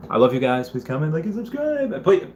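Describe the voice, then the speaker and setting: A man's voice: mid-range voice, fast talker, a little mellow, slight background noise. A man casually chatting on a livestream, reading viewer comments aloud and rambling with lots of fillers. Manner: rambling, with many fillers and restarts. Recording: roomy echo.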